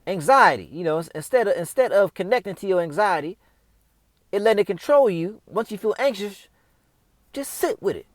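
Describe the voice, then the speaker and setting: A man's voice: high voice, expressive, brisk, no room sound. A man giving casual, off-the-cuff spiritual advice, talking straight to the listener in loose slang. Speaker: host.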